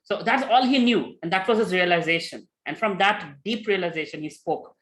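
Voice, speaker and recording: A man giving a spiritual talk, telling a story with lively retellings and many fillers. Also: high-pitched, normal speed, slight background noise, poor audio. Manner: animated, with many fillers and acted quotes. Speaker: spiritual teacher.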